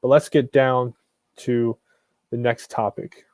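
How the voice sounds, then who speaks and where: A man's voice: mid-range voice, little pitch movement, slow pace, a little mellow, clean tone, no echo, clean studio sound. Blunt, rambling male stream host. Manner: blunt, rambling, frequent restarts and mild swearing. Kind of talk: casual live stream commentary.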